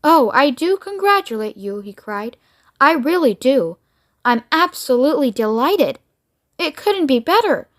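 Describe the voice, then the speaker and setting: A giddy, eccentric male candy maker gushes in quick bursts of delight, as a woman puts him on. The voice sits high and bright, bubbling over with excitement in a storybook read-aloud. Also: exaggerated voice. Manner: bubbly, rapid, exclamatory.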